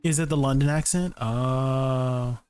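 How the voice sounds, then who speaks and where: A man's voice: medium pitch, steady tone, takes it slowly, a little mellow, smooth. A man streaming a game, chatting casually, reading chat aloud and laughing often.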